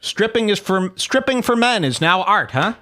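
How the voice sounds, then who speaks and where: A man's voice: high-pitched, sing-song, moderate pace, pushed and bright, voice pushed up, full character voice. A man reading a smug male internet troll's posts in his own plain voice, sarcastic and goading.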